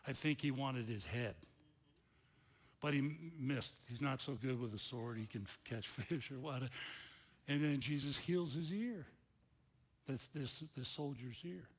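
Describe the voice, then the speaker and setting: Guy preaching a sermon, chatty and animated, slow pace, kinda higher voice. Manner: animated, conversational storytelling. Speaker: pastor.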